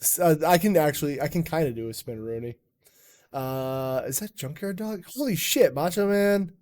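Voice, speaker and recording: A man's voice: on the high side, lively intonation, normal speed, a little mellow. A man hosting a live stream chat in a rambling, jokey way, swearing often. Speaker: streamer and podcast host. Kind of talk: casual chat.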